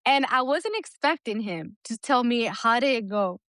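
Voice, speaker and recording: A woman's voice: on the high side, animated, a little fast, hardly any pauses, fairly bright tone, no room sound. A woman co-hosting a podcast in casual chat, candid and swearing freely as she acts out little stories. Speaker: podcast co-host.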